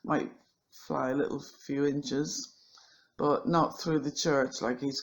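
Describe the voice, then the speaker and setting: A woman's voice: a bass voice, fairly even intonation, takes it slowly, faint music behind. A middle-aged woman giving critical commentary on a video clip, in an indignant and dismissive way.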